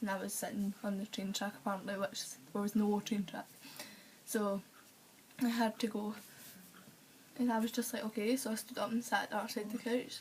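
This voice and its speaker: A woman's voice: mid-range voice, darkish tone, slight background noise, poor audio. A woman telling rambling stories in a casual vlog, full of fillers and acted-out quotes. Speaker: vlogger.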